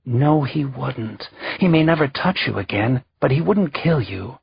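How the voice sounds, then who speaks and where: A man's voice: mid-range voice, lively intonation, unhurried, vocal fry, slightly rough, dry recording, dull audio, pitched above the performer's own voice, heavily acted. A man voicing a scheming, smirking older royal vizier who speaks in a sly, coaxing way.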